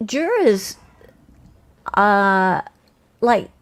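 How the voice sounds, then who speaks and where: A woman hosting a casual livestream, chatting and reading viewer comments aloud in an animated way. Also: medium pitch, drawn-out words. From Australia. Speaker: host.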